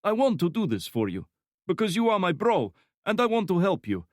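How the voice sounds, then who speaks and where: A man's voice: sits high, huge pitch swings, fairly quick, dry recording, clean studio sound, pitched above the performer's own voice. A male narrator voicing a wiry, jovial Slavic torturer with a heavy Slavic accent who masks threats with friendly banter. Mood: menacing.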